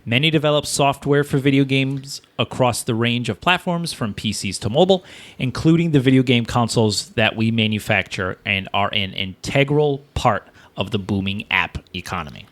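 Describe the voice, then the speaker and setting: A man's voice: mid-range voice, moderate pace, a bit bright. A man co-hosting a casual podcast, reading news statements aloud between jokes. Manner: jokey, reads statements aloud. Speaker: podcast co-host.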